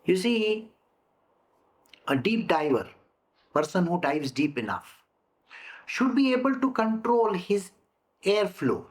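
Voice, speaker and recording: Slow, lively woman teaching scripture. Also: mid-range voice. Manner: deliberate, repeats phrases, acts out examples. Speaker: spiritual teacher. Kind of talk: scripture explanation talk.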